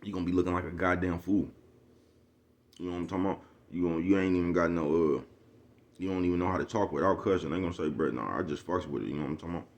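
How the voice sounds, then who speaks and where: This vlogger's voice sits low, with little pitch movement, a slightly mellow tone, and a rapid-fire delivery. He rants casually to the camera in street slang, swearing and preaching, forever checking if viewers know what he's talking about.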